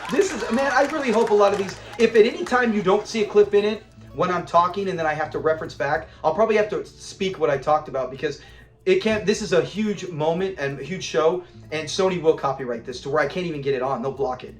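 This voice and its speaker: A man casually reviewing a classic sitcom episode, animated and laughing often as he acts out scenes. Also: high-pitched, quick pace, reverberant. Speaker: show reviewer.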